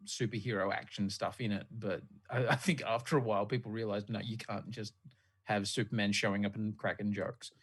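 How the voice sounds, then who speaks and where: A man's voice: lowish voice, little pitch movement, fairly quick, husky. Give me a man casually rambling as a podcast host, with lots of fillers. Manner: rambling, swears casually, laughs often. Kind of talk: casual chat.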